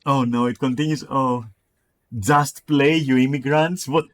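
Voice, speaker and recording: A man's voice: medium pitch, fairly even intonation, a little slow. Profane mocking male streamer. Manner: profane, mocking, reads chat messages aloud. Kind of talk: casual live-stream chat.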